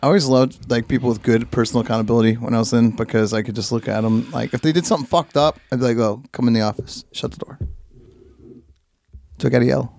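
A man's voice: mid-range voice, steady tone, rapid-fire, creaky, few pauses, a little mellow. A man hosting a casual conversation, laid-back and profane, often laughing as he tells stories. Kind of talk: casual chat.

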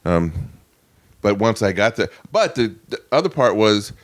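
Older veteran man, low voice. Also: big pitch swings, unhurried. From Northern California. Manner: laid-back, swears, acts out quotes. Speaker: guest, Marine veteran. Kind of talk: casual storytelling.

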